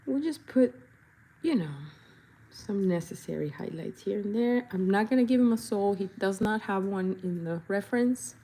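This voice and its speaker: A young woman talks casually while she paints, playful and chatty, often slipping into goofy voices and little jingles. Her voice is warm and mellow with a soft, breathy edge. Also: mid-range voice, lively intonation, normal speed. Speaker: body painter and vlogger.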